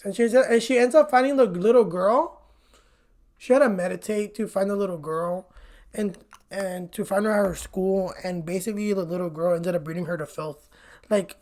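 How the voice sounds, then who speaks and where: A woman's voice: medium pitch, normal speed, darkish tone. A woman vlogger giving a casual movie recap in a chatty, blunt way, swearing freely and peppering her talk with "like". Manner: chatty and blunt, swears often, says "like" a lot.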